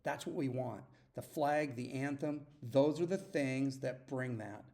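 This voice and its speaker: A man hosting a solo podcast, talking earnestly and urging his listeners, often clearing his throat and restarting sentences. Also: medium pitch, a little slow, dark tone. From United States. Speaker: podcast host. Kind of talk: opinionated solo podcast monologue.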